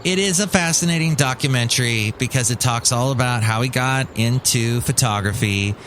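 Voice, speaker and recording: A man's voice: medium pitch, moderate pace, fairly bright tone, faint music behind. Wry grumbling male podcast host. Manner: wry, grumbling, mimics others in mocking voices. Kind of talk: casual solo monologue.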